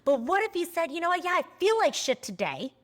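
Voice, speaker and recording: High-voiced woman in her forties, passionate. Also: big pitch swings, a little fast, a bit bright. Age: 40s. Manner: passionate, blunt, swears casually. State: emotional, near tears at times. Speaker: spiritual vlogger. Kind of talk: candid spoken vlog.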